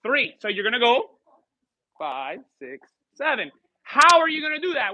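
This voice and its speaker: A man's voice: very high-pitched, wildly swooping pitch, normal speed, pushed and bright, dry recording, lo-fi sound. A man teaching a live salsa class, counting beats and calling cues in Spanish and English to the dancers. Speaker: salsa instructor.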